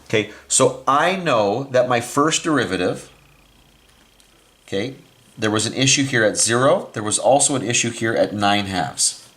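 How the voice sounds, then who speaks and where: A man walks through a math lesson step by step, thinking aloud as he works at the board. He often catches his own slips and corrects them mid-sentence, with many "okay"s along the way. His pitch sits in an ordinary middle range for a man. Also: expressive, normal speed, fairly bright tone. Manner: explains step by step while writing on a board. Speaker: math teacher.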